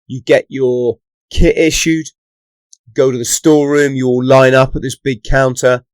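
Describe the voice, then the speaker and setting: A man's voice: medium pitch, flat delivery, a little slow, no room sound. A man from England, born in London and raised in the Southwest, a former commando telling stories to camera in a chatty way, often checking in with "right?". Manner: chatty, keeps adding "right?" tag questions. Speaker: former Royal Marines commando, channel host. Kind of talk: casual storytelling to camera.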